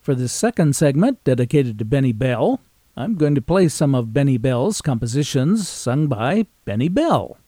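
A man hosting a radio show about old records, reading out record details in a measured way. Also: medium pitch, sing-song, mellow, dry recording. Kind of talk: scripted radio show narration.

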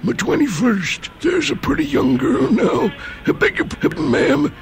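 Casting: male comic as a leering old codger, croaky and rambling. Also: very high voice, sing-song, unhurried, soft background music, pitched above the performer's own voice, full character voice. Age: older. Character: lecherous old man, boastful and doddering.

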